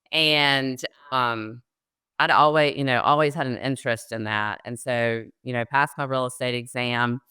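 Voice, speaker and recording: A middle-aged Southern American woman with a rumbling low, bright, forceful voice tells her career story as a loan officer guesting on a conversational interview. She's a chatty storyteller with plenty of ums who laughs easily; the recording is clean, dry and studio quality.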